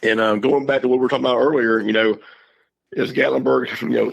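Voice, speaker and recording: A middle-aged man, a high school football coach telling stories in a casual interview, rambling and restarting his words. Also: fairly even intonation, fast, vocal fry, husky, dull audio. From Georgia, USA.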